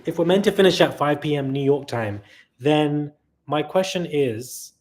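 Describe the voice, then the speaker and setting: A tired man hosting a long live stream, chatting casually and reading out viewer messages, sometimes loud and sometimes quiet. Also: fairly high pitch, moderate pace. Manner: chatty, laughing, shifts between loud and quiet. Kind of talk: casual live chat reading super chats.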